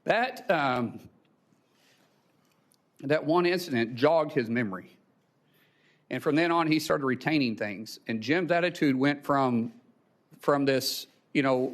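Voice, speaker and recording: Nominee, middle-aged man, emotional testimony, stumbling and restarting, voice near tears. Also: mid-range voice. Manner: halting, many restarts, chokes up. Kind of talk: emotional personal story.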